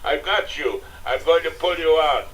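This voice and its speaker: An older man voicing a strong, loyal friend in an audiobook, forceful and pleading. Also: a little high, normal speed, far from the mic, voice pushed up, close to an everyday voice, rough recording.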